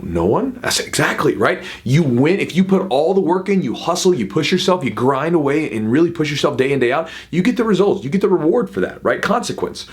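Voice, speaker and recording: A man in his thirties, a jiu-jitsu coach, talking casually to camera with quick asides and frequent "right?". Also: fairly high pitch, very animated. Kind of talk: casual advice talk to camera.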